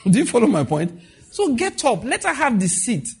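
This middle-aged preacher has a Nigerian accent and a very high, slightly rough voice with vocal fry, at normal speed. In a conversational sermon he animatedly plays out quoted dialogue and poses questions to his listeners.

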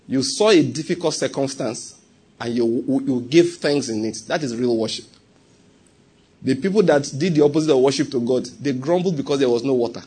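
A man with a Nigerian accent preaching a sermon, animated, with laughing asides and softly acted prayers. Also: fairly high pitch, husky.

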